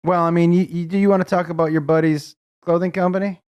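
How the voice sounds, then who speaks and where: A man's voice: sits high, fairly even intonation, quick pace, a little mellow, clean tone. A man co-hosting a podcast, chatting casually and teasing his co-host with jokes. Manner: joking, teasing banter. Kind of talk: casual chat. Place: podcast studio.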